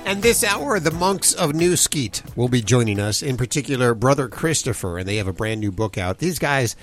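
A man hosting a radio talk show, joking and halting, with fillers. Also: mid-range voice, big pitch swings, faint music behind. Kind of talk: casual radio chat.

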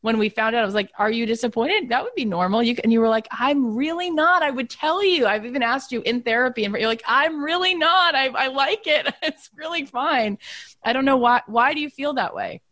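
A woman's voice: brisk, no room sound, clean studio sound. A woman in her thirties chatting casually as co-host, telling stories and acting out quotes in a raised voice. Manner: animated storyteller who acts out quotes in a higher voice. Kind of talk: casual chat.

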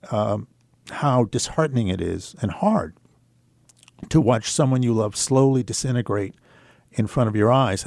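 An older man telling a personal story on talk radio in a measured, reflective way, with hesitant pauses and fillers. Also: medium pitch, a little mellow, no room sound, clean studio sound. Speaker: radio guest.

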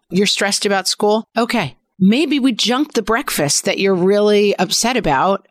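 A woman in her forties with a medium-pitched voice tells casual stories from home about parenting as a podcast co-host. The sound is dry and of studio quality.

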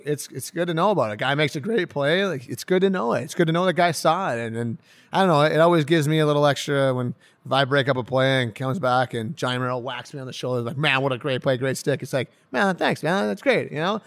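A young man, a professional hockey player, chatting casually in an interview, excitable and rambling, laughing often. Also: medium pitch, fast, no room sound. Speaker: pro hockey player guest.

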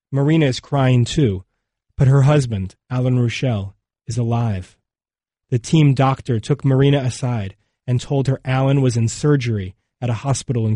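Somber, measured male documentary narrator. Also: medium pitch, warm tone, dry recording, clean studio sound. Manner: measured, somber, unhurried delivery.

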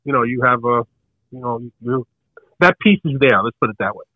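An older man telling a story casually on a podcast, animated, and acting out the people in it. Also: medium pitch, moderate pace, dry recording, narrow, tinny audio. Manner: animated, acts out the other people in his story.

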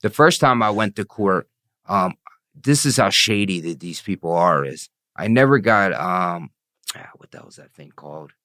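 A man's voice: sits low, animated, moderate pace, bright, forceful tone, dry recording, studio quality. A man telling his own story in an interview, blunt and profane, often asking "you know what I mean". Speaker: interview guest.

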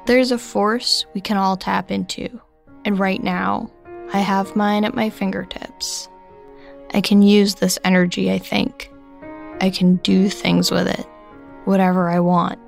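A young woman narrating a scripted first-person story in a slow, reflective way. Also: mid-range voice, flat delivery, gravelly, faint music behind.

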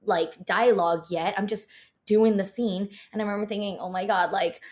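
An animated young actress tells a story in a casual interview. She talks in a loose, chatty way and uses lots of filler words. Her voice sits at an ordinary middle pitch for a woman. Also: normal speed. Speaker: actress guest.

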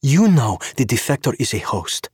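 A man voicing a sharp-tongued woman KGB agent and sorceress in an audio story, mocking and scolding. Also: medium pitch, very animated, normal speed, slightly rough, dry recording, studio quality, voice pushed up. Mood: urgent.

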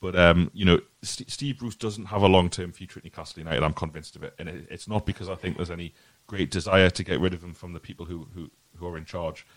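Low-voiced man hosting a football podcast. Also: fairly even intonation, fast, few pauses, dry recording. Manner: rambling, repeats words, earnest opinion. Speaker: podcast host. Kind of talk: casual football podcast chat.

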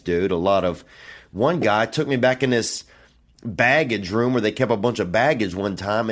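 A man hosting a solo podcast from a hotel room, rambling and meandering through his thoughts with frequent fillers and casual profanity. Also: low voice. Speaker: podcast host.

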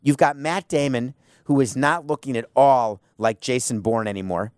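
A man's voice: mid-range voice, moderate pace, smooth, no room sound, studio quality. A man hosting a talk radio show, speaking bluntly and sarcastically in an opinionated monologue. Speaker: sports radio host.

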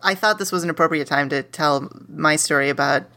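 A woman who is a podcast guest, telling an absurd comic story in a deadpan way and restarting her sentences often. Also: deep voice, a little fast.

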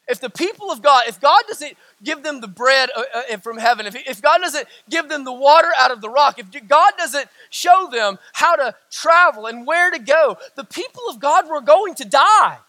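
A middle-aged male pastor preaching in a church, his voice unusually high and bright. He builds through emphatic, repeated lines and sinks low and hushed when he tells a story. The sound is dry and close. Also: dry recording. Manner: preaching with rising emphatic repetition; drops low and quiet for stories. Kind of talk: sermon.

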